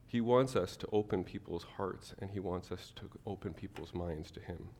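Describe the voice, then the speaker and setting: A man preaching a sermon to his church, animated, acting out the people he quotes. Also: deep voice, moderate pace, big-room sound, a little hiss or hum. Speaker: pastor.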